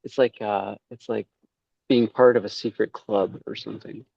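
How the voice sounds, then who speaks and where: A man's voice: on the low side, steady tone, moderate pace, gravelly, darkish tone, dry recording, dull audio. A man talking casually as a podcast guest, rambling, with many fillers and quoted asides. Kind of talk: casual conversation.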